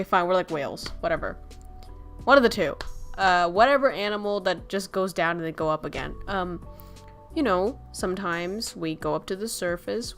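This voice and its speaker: Laughing, swearing woman streamer. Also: medium pitch. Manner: laughs often, swears casually, jokey and rambling. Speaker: streamer host. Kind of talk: casual chat stream.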